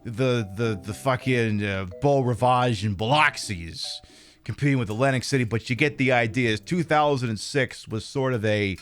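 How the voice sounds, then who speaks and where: A man's voice: medium pitch, moderate pace, a bit bright, faint music behind. A man hosting a casual live stream, jokey and profane, reading chat names and thanking viewers.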